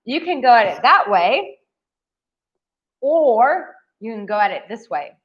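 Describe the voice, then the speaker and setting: A woman's voice: fairly high pitch, lively intonation, unhurried, muffled recording. A woman dating coach giving blunt, profane advice to camera in a brash, emphatic way.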